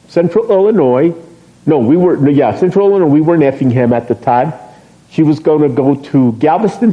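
A middle-aged male pastor preaching a sermon from a church pulpit, joking with the congregation and asking them questions. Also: mid-range voice. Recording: dull lo-fi sermon recording.

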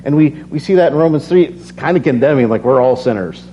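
A man's voice: mid-range voice, lively intonation, fast talker, dark tone. A worn-out man giving a casual, earnest sermon, reading scripture and then telling personal stories, often repeating phrases as he builds. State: tired. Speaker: preacher. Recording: slightly dull recording with faint hum.

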